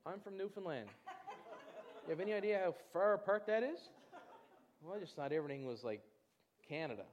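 A man preaching, telling a personal testimony in an animated storytelling way and acting out other people's voices. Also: high-pitched, fairly quick, long pauses, lo-fi sound. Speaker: pastor. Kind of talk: testimony in a church sermon.

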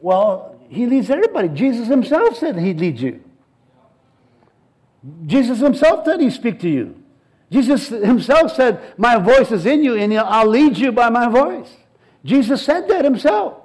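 A man's voice: extremely high pitch, very animated, a little slow, darkish tone, husky, poor audio. A middle-aged male pastor preaching a sermon, emphatic and repetitive, building in intensity as he presses his points.

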